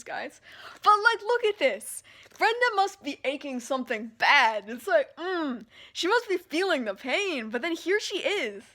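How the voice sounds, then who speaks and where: A woman book vlogger reacting to a novel in a casual read-along, gushing, emotional and excitable. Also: high-pitched.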